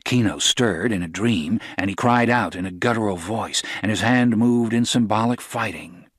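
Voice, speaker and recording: A man narrating a novel as an audiobook, in a steady, even storytelling voice. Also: on the low side, normal speed, breathy edge, dry recording, studio quality.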